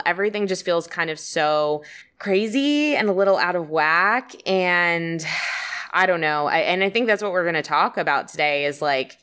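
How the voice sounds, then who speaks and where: A young woman co-hosting a podcast, talking in a bubbly, quick, giggly way. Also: lowish voice, fairly bright tone, clean tone. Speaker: podcast co-host. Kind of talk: casual podcast chat.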